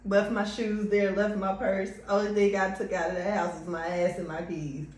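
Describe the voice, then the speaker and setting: Woman podcast host, casual and outspoken, mid pitch; echoey room, faint background noise. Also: little pitch movement, normal speed, a little mellow. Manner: blunt, profane, laughs readily. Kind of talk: casual chat.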